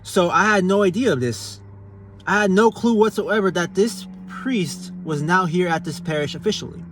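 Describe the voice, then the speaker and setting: A man with a slightly raised voice tells a personal religious testimony in a relaxed, conversational way. His delivery is earnest and unpolished, full of casual slang and sentences that restart as he goes. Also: high-pitched, normal speed, slight background noise. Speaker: Catholic giving a personal testimony.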